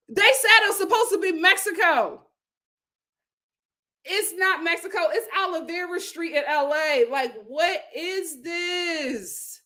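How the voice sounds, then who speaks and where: A woman with a very high-pitched voice hosts a laid-back reality TV recap, speaking slowly but animatedly. She's full of exclamations and disbelieving reactions in this casual chat.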